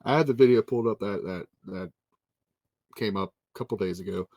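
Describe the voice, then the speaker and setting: A man's voice: fairly low pitch, a little fast, mellow, no echo. A podcast host, a married man with kids, chatting casually and cursing freely while telling a story. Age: adult with children. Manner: profane, storytelling. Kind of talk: casual chat.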